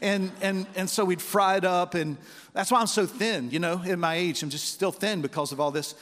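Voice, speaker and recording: A pastor preaching in a church hall, his fairly high voice trailing off into a long reverb. He tells homespun stories and keeps calling out to the congregation. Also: fairly even intonation, moderate pace, a bit bright. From West Virginia roots, United States. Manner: folksy storytelling with call-outs to the congregation. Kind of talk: sermon.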